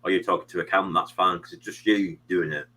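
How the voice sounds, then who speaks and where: A man's voice: low voice, fairly even intonation, fast talker, pushed and bright, breathy edge, rough recording. A British man hosting a live stream, chatting casually in a rambling way with many fillers. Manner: rambling, many fillers and "you know what I mean". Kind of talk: casual chat.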